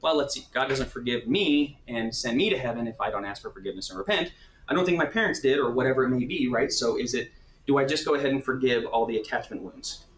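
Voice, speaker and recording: Male therapist-teacher, mid-pitched, chatty delivery, roomy echo, faint hiss behind. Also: fast talker. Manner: casual, often checks in with "right?". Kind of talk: conversational teaching talk.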